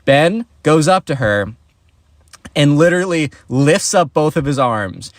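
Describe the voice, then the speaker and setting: A young man narrates a story in a casual vlog, talking in a chatty, animated way and leaning on fillers as he goes. His voice sits a little high for a man. The sound is dry and close. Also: unhurried, no echo.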